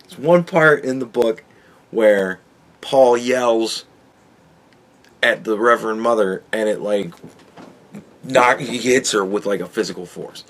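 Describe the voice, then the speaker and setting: A man's voice: on the low side, takes it slowly, pauses often, a bit bright. A man hosting a podcast, ranting in a casual and profane way, with exasperated outbursts and laughs. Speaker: podcast host reviewing a book.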